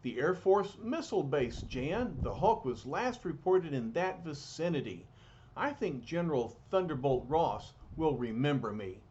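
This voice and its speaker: A man's voice: a little high, very animated, measured pace, darkish tone, a little hiss or hum. A man voicing an earnest, determined male superhero, on a dull lo-fi recording.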